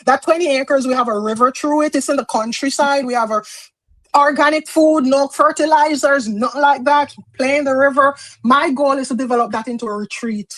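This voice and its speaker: Bright-voiced woman from Jamaica, chatty. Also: high voice, brisk, low-quality recording. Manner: warm, laughing, slips into patois. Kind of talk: casual chat.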